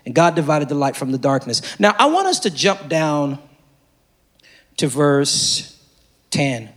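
A man preaching a sermon to a congregation, swinging between loud shouted lines and quiet asides, and repeating phrases for emphasis. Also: a little high, very animated, a little slow. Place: church service before a congregation.

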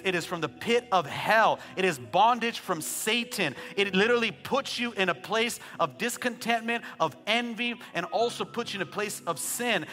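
A man in his thirties preaching a sermon as pastor, telling joking family stories and building to shouted calls for praise. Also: high voice, in a large hall. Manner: joking asides, conversational storytelling.

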